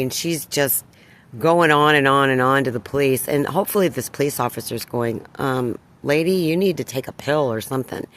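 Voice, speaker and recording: An older woman vlogging, retelling a run-in with neighbors in an indignant, emphatic way. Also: deep voice. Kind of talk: personal storytelling to camera.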